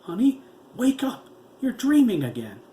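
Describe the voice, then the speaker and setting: A man voicing a frightened wife who shifts between urgent cries and soft whispers to her husband. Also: fairly low pitch, steady tone, moderate pace, roomy sound, slight background noise, natural voice.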